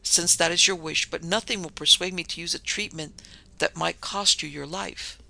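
A man voicing a proud English gentleman doctor in an audiobook, speaking formally and refusing firmly. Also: a little high, steady tone, moderate pace, vocal fry, heavily acted. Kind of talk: audiobook narration.

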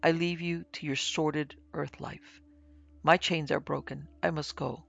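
A man's voice: a little high, little pitch movement, a little slow, creaky, a bit bright, exaggerated voice. A man voicing a fanatical priest, mad with joy and then cold and curt, in a dull, dry lo-fi recording.

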